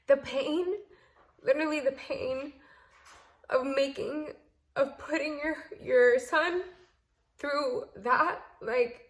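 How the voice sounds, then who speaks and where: A woman's voice: a little high, a bit bright. A young woman telling a storytime vlog to camera, heated and emphatic, at times tearful and earnest. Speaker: vlogger.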